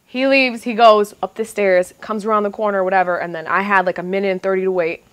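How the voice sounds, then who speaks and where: A young adult woman telling stories as a guest, animated and profane, acting out what other people said. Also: mid-range voice, fast, smooth, no room sound. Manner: lively, profane, acts out other people's lines. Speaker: reality TV contestant guest. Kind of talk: animated storytelling chat.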